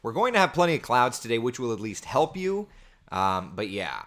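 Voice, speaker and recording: Very animated and at a moderate pace, this man's mid-range, slightly bright voice carries a laid-back weather forecast streamed from home. Viewer comments keep him chatting and rambling, his small kids are nearby, and the sound comes through his computer camera mic.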